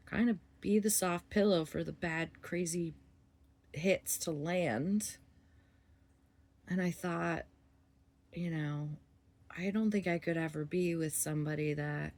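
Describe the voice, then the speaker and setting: A middle-aged woman talks through relationships in a loose, candid monologue, swearing freely and laughing as she goes. Her voice sits a little low with a gravelly fry. She takes her time, drawing words out at an unhurried pace. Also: a little mellow. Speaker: vlogger.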